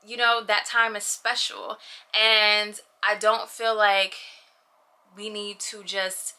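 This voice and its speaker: Bright, chatty young woman vlogger. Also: mid-range voice, slow, clear, resonant tone. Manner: animated, chatty, lots of "you know what I mean". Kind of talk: casual personal vlog.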